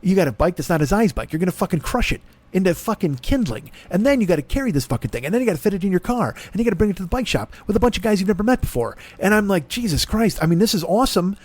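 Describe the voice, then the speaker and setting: A man's voice: high voice, big pitch swings, very fast, a little mellow, no echo. Profane, rambling man telling a comic story. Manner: profane, self-deprecating, jumps into voices of others in his stories. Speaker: comedy podcast host.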